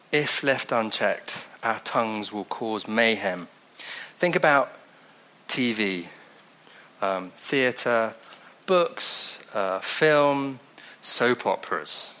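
A man preaching a sermon in a conversational way, with wry asides and slow scripture reading. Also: medium pitch, lively intonation, pushed and bright.

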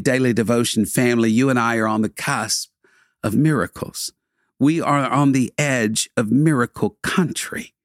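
A man's voice: mid-range voice, no room sound, studio quality. Man preaching in rhythmic, building repetitions. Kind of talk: devotional sermon.

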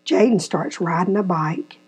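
A woman's voice: on the low side, a little slow, slightly rough. A woman, hosting a podcast and animatedly telling a family story. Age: 50s. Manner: animated storyteller, acts out quotes. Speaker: podcast host. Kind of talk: casual storytelling chat.

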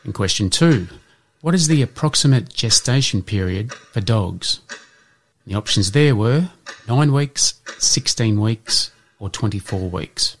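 A man hosting an educational podcast, reading out answers in a measured way and slipping in dad jokes. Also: lowish voice, animated, slight background noise. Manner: measured, spells things out, slips in dad jokes. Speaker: podcast host.

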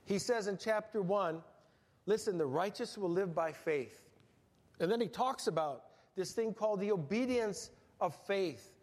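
A middle-aged male pastor with a high, darkish voice preaches a sermon in a church sanctuary, folksy and humorous. He tells stories with animation, and the recording carries church hall reverb.

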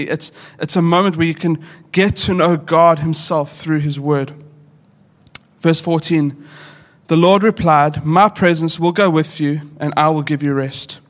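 A man in his thirties, a pastor preaching a sermon in an earnest, conversational way, often restarting his sentences. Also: a little high.

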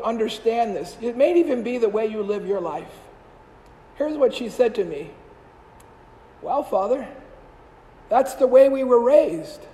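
A priest giving a storytelling homily, telling stories and trailing off softly at the ends of phrases. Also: male voice, very high voice, in a large hall, poor audio. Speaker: Catholic priest.

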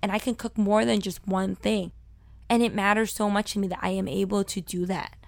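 A woman in her thirties from Brooklyn with a Brooklyn accent, a talkative and loud food host telling her own story in a personal monologue. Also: mid-range voice, flat delivery, gravelly, no room sound. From Brooklyn, New York. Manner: talkative and loud, fast and emphatic. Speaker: food video host and cook.

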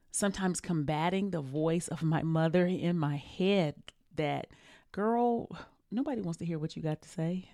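A woman hosts her own podcast in a lowish, darkish voice, recorded dry with studio quality. Her heartfelt solo talk is earnest, emotional, and encouraging, casual and full of slang.

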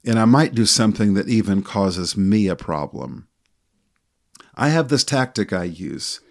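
Low-voiced middle-aged guy telling a story on his podcast, calm and even. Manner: calm, measured, deliberate. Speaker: podcast co-host, sports official.

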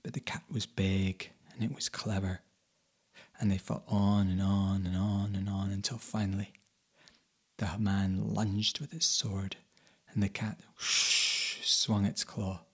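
A man telling a folk tale in the first person, dramatic, dropping to whispers and rising to sudden loud bursts. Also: deep voice, level tone, slow, breathy edge. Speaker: storyteller.

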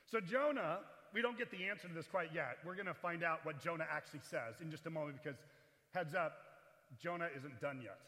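A man preaching a sermon as pastor in a chapel, animated, swinging between loud and hushed delivery. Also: fairly high pitch, fairly quick, long reverb tail. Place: large echoey chapel.

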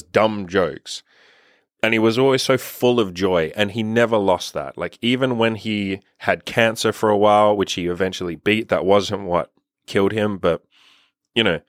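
A man's voice: fairly low pitch, no echo, clean studio sound. A young man telling casual stories to camera, sweary and laughing as he talks. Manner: sweary, laughing, animated storytelling. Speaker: dating coach and vlogger.

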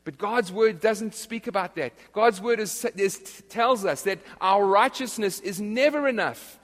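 A man's voice: sits high, a little slow, fairly bright tone. A man preaching a sermon as pastor, earnest and emphatic, often restarting his phrases. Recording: long reverb of a large hall.

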